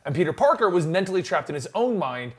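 Male podcast host, high and animated, reads a list and jokes around casually. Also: fast talker. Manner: reads out a ranked list, laughs often. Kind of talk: casual chat.

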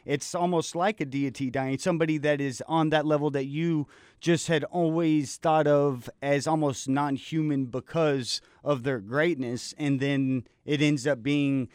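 A man's voice: a little high, steady tone, moderate pace, a little mellow, smooth, no room sound, studio quality. A man in his thirties co-hosting a sports talk show, speaking in long, reflective run-on sentences. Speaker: podcast co-host. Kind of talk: casual chat.

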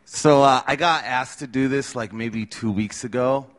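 A man's voice: medium pitch, unhurried. A man telling tour stories live on stage, wry and self-deprecating with a gloomy streak. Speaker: storyteller at a live show. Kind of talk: live storytelling.

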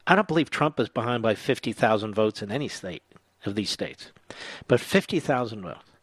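A man's voice: on the low side, expressive, normal speed, dry recording. A man hosting a political commentary show, reading quotes aloud and answering them with sarcastic, indignant remarks. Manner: sarcastic, indignant, rising to angry shouting. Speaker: talk radio host.

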